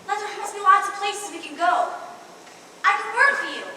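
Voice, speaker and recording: A woman's voice: very high voice, brisk, bright, forceful tone, a little hiss or hum, full character voice. A teenage actress on stage playing a frightened young bride who pleads urgently and breathlessly with her father. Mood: pleading. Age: teens. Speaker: student actor. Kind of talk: stage play acting. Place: large school auditorium stage. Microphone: far camera. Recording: echoey hall from far off.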